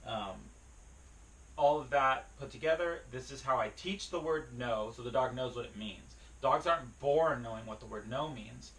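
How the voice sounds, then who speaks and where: A man explaining a dog-training skill to the camera in a relaxed way, with plenty of fillers and restarts. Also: medium pitch, normal speed, distant mic, low-quality recording. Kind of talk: casual spoken lesson to camera. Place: beside his dog, speaking to a camera.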